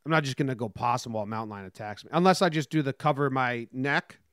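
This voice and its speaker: A man joking around on a casual podcast, offhand and quick to swear. His voice sits at a middle pitch, and the recording is dry and close. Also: a bit bright, clear, resonant tone, no echo. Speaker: podcast co-host. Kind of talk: casual chat.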